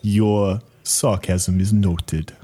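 A towering human warrior speaks in stiff, clipped formality, never using contractions, as a man puts him on. His voice sits low and steady. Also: very slow, breathy edge, exaggerated voice.

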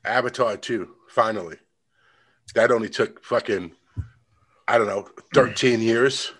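Husky, bright-voiced joking man. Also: lowish voice, a little slow. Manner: crude joking, quotes movie lines. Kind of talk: casual chat.

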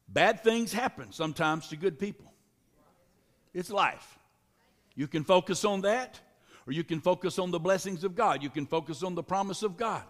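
A man preaching a sermon as pastor, exhorting the congregation with repeated calls and responses. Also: high voice. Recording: long reverb of a large hall.

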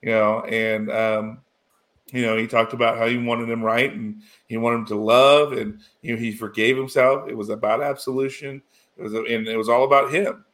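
A man's voice: medium pitch, little pitch movement, normal speed, fairly bright tone. A man recapping a TV episode in casual chat, rambling with many restarts and fillers, getting emotional. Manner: rambling, full of "you know" and restarts, emotional.

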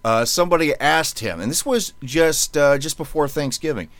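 A man's voice: on the high side, animated, moderate pace, a bit bright, no echo. A man co-hosting a podcast in casual chat, rambling and sarcastic, often restarting his phrases. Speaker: podcast co-host.

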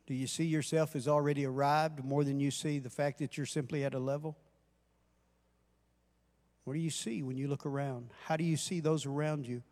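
An older man giving a passionate sermon as guest preacher, rising in volume and dropping back to quiet questions. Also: on the high side, fairly even intonation, normal speed. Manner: passionate, builds in volume, then drops to questions. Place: church. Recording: music playing underneath.

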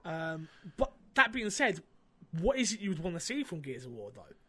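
A podcast host chats casually in a high, slightly rough voice at a moderate pace. He tells stories animatedly, with lots of fillers.

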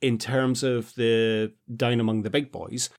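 A man co-hosting a film podcast in an easy conversational way. His voice sits at an average pitch, and he works through his points steadily and casually. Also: level tone, measured pace. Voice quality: conversational, refers to notes. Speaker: podcast co-host.

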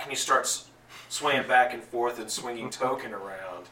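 A man narrating a tabletop game as game master, telling the story in an animated, jokey way, recorded from a distance in an echoey room. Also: mid-range voice, moderate pace, slight background noise. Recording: echoey room, distant mic, faint ambience.

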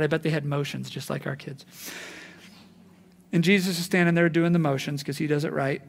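A man preaching a sermon in an animated way, acting out the voices he quotes. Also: fairly high pitch, a little fast, gravelly, long pauses, in a large hall. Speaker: pastor.

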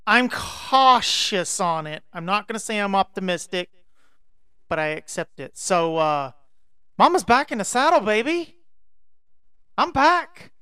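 A woman's voice: medium pitch, very animated, unhurried, long pauses, fairly bright tone, clear, resonant tone, no room sound. A woman co-hosting a podcast in casual chat, brassy, playful and self-assured, talking into a studio microphone. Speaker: podcast co-host.

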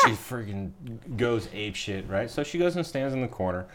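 A man's voice: on the low side, very animated, normal speed, background noise. A young man on a podcast, chatting casually and acting out quotes as he tells a story, often laughing. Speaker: podcast host.

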